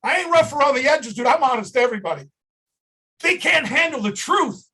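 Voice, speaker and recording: High-voiced man, loud and emotional. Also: lively intonation, a little fast, rough recording. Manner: shouting, emotional, punchy repetition. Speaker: company owner. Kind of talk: excited live video call pitch. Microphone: video call.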